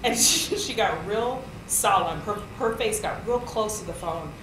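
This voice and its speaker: A woman's voice: mid-range voice, measured pace. A woman in her thirties giving a lecture, telling a story with lots of acted-out quotes and frequent laughter. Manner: animated storyteller, acts out quotes, laughs often. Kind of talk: storytelling talk. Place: lecture hall. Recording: echoey hall with room noise.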